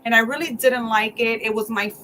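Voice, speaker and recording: A woman with a fairly high, very bright voice shares a story with eager enthusiasm. She is on a casual video call with a book club. Faint noise runs under her voice. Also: fairly even intonation, a little fast.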